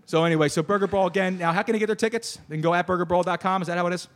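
Fast-talking, high-voiced joking male host. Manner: joking, rambling, teasing. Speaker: podcast host. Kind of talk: casual banter. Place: live show in front of a small crowd.

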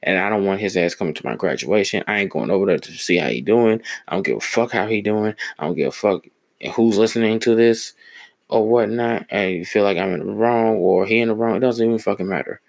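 Deep gravelly young man ranting. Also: brisk, no echo. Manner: blunt, profane, heated storytelling. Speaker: podcast host. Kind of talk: casual solo podcast storytelling.

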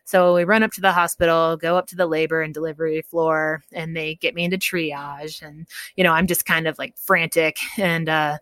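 A woman with a lowish voice tells her story as a podcast guest, casual and chatty. She laughs often and lifts her voice to act out what others said. The sound is dry and close. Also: moderate pace, hardly any pauses, dry recording. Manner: laughs often, quotes people in lively voices.

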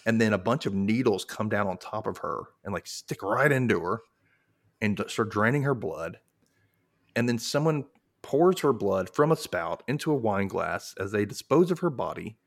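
A man's voice: lowish voice, moderate pace, gravelly. A man hosting a casual TV recap podcast, joking and acting out characters' lines. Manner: animated, jokey, acts out characters' lines. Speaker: podcast host.

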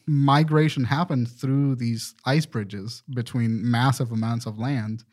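A man's voice: mid-range voice, fairly even intonation, takes it slowly, a little mellow. A man hosting a podcast, rambling and swearing as he explains things in casual chat. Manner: rambling, profane, self-correcting. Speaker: podcast host.

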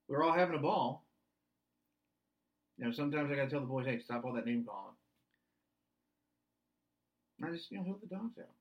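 Middle-aged male podcast co-host, slightly high-pitched, deadpan joker who quotes lyrics as answers. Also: highs cut off. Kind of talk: deadpan comedic chat quoting song lyrics.

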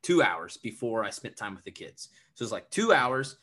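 Bright-voiced animated man. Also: fairly low pitch, moderate pace. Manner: animated, lots of filler words, acts out quotes. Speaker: podcast guest. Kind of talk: casual podcast talk.

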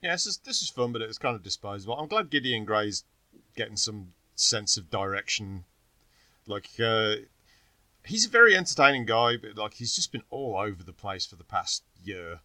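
A man's voice: fairly low pitch, sing-song, normal speed, sharp tone, dry recording. A wry, outspoken man co-hosting a casual chat podcast, laughing often. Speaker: podcast co-host.

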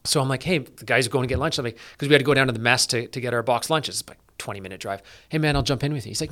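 A middle-aged man from Canada talks fast in a relaxed interview. He speaks at a normal pitch and keeps restarting his sentences, full of "like" and "you know". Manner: energetic, quick, with many fillers and restarts. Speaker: police officer guest. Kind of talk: casual interview conversation.

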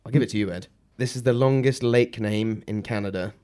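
A man's voice: fairly low pitch, a little fast, darkish tone. Laid-back man hosting a podcast. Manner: laid-back, joking, reads off a list. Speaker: podcast host. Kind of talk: casual chat.

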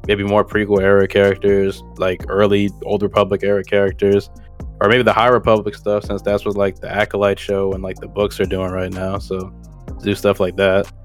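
Guy with a lowish voice rambling on a podcast, lots of slang and restarts. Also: completely flat delivery, moderate pace, soft background music. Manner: rambling, slangy, self-correcting. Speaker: podcast co-host. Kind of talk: casual chat.

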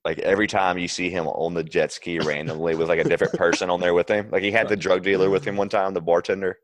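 A young man co-hosting a podcast, recapping scenes in relaxed, conversational chat. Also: low-pitched, fast, no echo. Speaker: podcast co-host. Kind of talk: casual chat.

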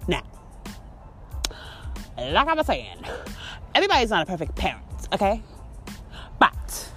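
A woman hosting a podcast, telling a story in a heated, profane rant that swings between outbursts and calmer stretches. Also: mid-range voice. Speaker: podcast host. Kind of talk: ranting monologue.

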